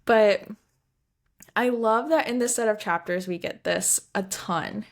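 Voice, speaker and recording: A woman's voice: medium pitch, a little slow. Brief: young woman, casual rambling book-chat co-host, sometimes trips over her words. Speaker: podcast co-host.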